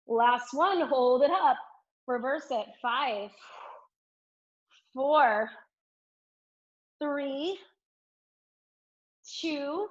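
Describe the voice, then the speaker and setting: A high-pitched woman leads a Pilates mat class, cueing each move with upbeat encouragement and counting down the reps. She sounds a little out of breath as she demonstrates along. The audio is dull and lo-fi, like a live stream. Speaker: Pilates instructor.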